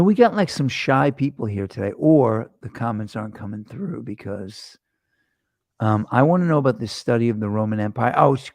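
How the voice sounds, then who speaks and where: A man hosting a casual chat show, telling rambling jokey stories with quick asides. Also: mid-range voice, gravelly, darkish tone, no echo, studio quality. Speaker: host.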